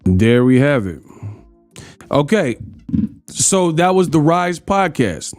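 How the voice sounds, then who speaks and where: A man's voice: on the high side, big pitch swings, takes it slowly, a little mellow, no room sound, soft background music. A man hosting a casual boxing reaction show, joking and laughing in slangy banter. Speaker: boxing commentary host.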